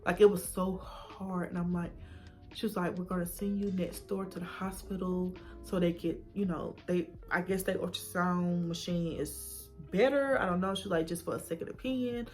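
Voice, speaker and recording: Brief: young woman vlogger, lowish voice, emotional storytelling, faint music under her. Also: fairly even intonation, normal speed, a little mellow. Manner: emotional retelling, acting out quoted dialogue, drops to whispers. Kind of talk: personal storytime vlog.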